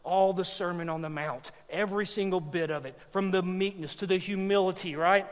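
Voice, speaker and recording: A man preaches to his congregation with strong emphasis, his voice pitched high for a man. A long reverb trails each phrase, as from a church sanctuary. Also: fairly even intonation, a little fast, few pauses, smooth. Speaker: pastor. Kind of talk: sermon.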